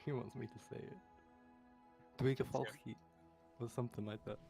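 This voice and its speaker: Reserved man from North Wales, gravelly. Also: medium pitch, fairly even intonation, rapid-fire, faint music behind. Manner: quiet, reserved, dry. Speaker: raid member. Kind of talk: casual voice chat while gaming.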